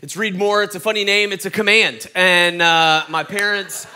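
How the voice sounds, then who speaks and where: Man, Southern accent, pastor, casual sermon, bright forceful voice. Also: high voice, steady tone, normal speed, smooth. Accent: Southern US (Atlanta). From Atlanta, Georgia. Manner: conversational, folksy, many fillers and restarts. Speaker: guest pastor.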